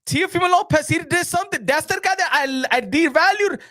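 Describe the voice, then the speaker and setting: A man doing an impression of a boastful, rich male boxing promoter, shouting and swearing in exasperation. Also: very high-pitched, fairly quick, pitched above the performer's own voice.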